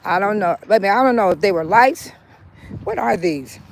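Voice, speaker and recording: A woman talks her way through a casual neighborhood tour. She repeats her points and breaks into sudden loud exclamations. She is recorded on a handheld phone outdoors, with faint traffic noise behind her. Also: medium pitch, expressive, moderate pace, vocal fry, poor audio. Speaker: local vlogger. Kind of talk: casual walking-tour vlog. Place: driving, then walking outdoors in a park.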